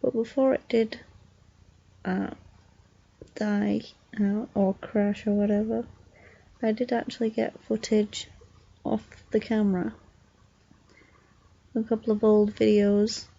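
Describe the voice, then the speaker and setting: Sleepy young woman, gravelly husky voice, flat drowsy delivery, casual vlog from bed, dull lo-fi sound. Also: medium pitch, takes it slowly, pauses often. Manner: drowsy, meandering, soft-spoken. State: sleepy, yawning. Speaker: vlogger. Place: bedroom, lying in bed.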